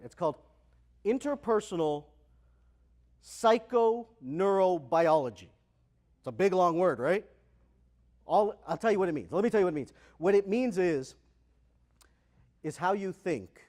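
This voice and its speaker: Keynote speaker, male, high voice, energetic and engaging with the crowd. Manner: energetic, asks the audience questions, acts out dialogue. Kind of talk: motivational keynote speech. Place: large conference hall.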